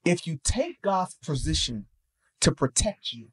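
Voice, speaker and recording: A man with a slightly high voice talks on a faith podcast, shifting between slow, emphatic preaching and quick, slangy storytelling. His delivery is animated and conversational. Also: breathy edge. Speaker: podcast co-host.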